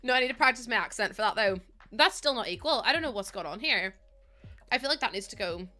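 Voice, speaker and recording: A woman's voice: on the high side, animated, fast, pushed and bright, faint music behind. A woman in her twenties with an Irish accent, chatting casually and rambling, often laughing, while streaming a game. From Ireland. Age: 20s. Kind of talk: casual chat while gaming. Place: at home.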